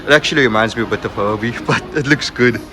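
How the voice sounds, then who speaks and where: A young man narrating a walkaround tour of a car showroom, full of excitement, repeating himself and leaning on "like" and "look at". He talks into a handheld camera mic indoors. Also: medium pitch, fast talker, noisy background. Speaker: car vlogger.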